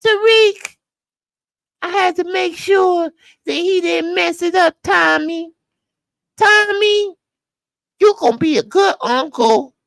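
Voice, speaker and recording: A man putting on a high falsetto woman's voice, bossily lecturing a gangster in a mocking tone. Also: slow pace, gravelly, long pauses, a bit bright, no room sound, full character voice. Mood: mocking bossy.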